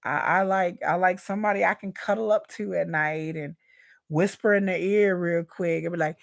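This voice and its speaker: A woman's voice: lowish voice, fairly even intonation, moderate pace, gravelly, no room sound, clean studio sound. A woman hosting a live reaction stream, speaking frankly and chattily to her viewers about her love life, often repeating herself and calling them "y'all.". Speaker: YouTube reaction host. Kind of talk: candid personal rant.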